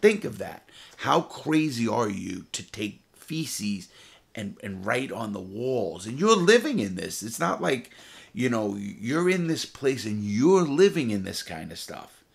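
Gravelly-voiced man telling blunt stories. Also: fairly low pitch, big pitch swings, measured pace. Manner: blunt and profane, vivid retelling. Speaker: former prisoner telling his story. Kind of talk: first-person storytelling.

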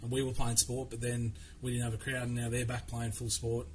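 A man's voice: mid-range voice, monotone, fairly quick, crowd noise, rough recording. A man hosting a sports podcast, asking chatty, rambling questions in a matey tone. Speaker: podcast host. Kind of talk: casual podcast interview.

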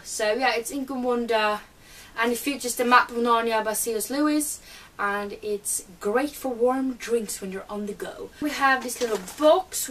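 A woman's voice: a little high, fairly bright tone, recorded from a distance, slight background noise, low-quality recording. A woman with a cold, chatting eagerly as she unboxes items at home for her channel. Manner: chatty and eager, many fillers. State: has a cold. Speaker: book vlogger. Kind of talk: casual unboxing chat.

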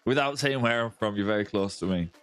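This game streamer is a man from Lancashire, near Yorkshire in northwest England, speaking Lancashire English as he banters and welcomes viewers by name. His lowish voice is fairly quick, with a fairly bright, clean tone, and faint music runs in the background.

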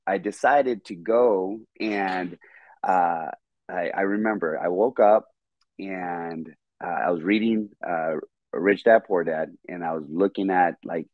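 A man guest on a podcast telling a story in a casual, animated, profane way, repeating words when excited. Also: low voice, slow, no room sound, dull audio.

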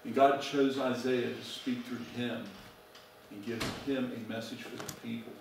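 A man's voice: mid-range voice, steady tone, a little slow, vocal fry, a little hiss or hum. A male pastor preaching a sermon to his congregation, asking them direct questions. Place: church sanctuary. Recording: very echoey church recording from far off.

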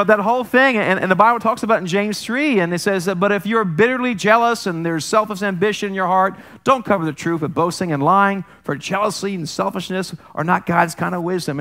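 A male pastor delivers a sermon in a casual, conversational manner, with plenty of jokes and asides. His voice sits a touch higher than most men's. He often interrupts himself, apologizes and restarts. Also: sharp tone. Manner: conversational, jokey, self-interrupting.

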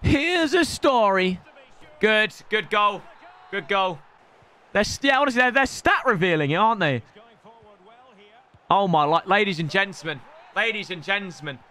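A young man calls out his own video game match live, excitable and quick to burst into shouts while teasing his opponent. His voice sits high and swings wildly up and down, with a bright, sharp edge to it. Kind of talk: live gameplay commentary.

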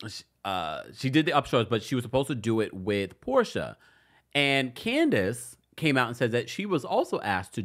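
A man hosting a celebrity gossip show, chatting casually with playful shade. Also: mid-range voice. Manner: chatty, animated, playfully shady. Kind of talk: casual commentary.

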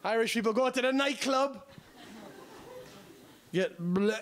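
A man doing live stand-up comedy, animated and swearing, with loud bursts of shouting. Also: very high voice, unhurried. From United States. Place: large live venue with audience. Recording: live show with audience noise.

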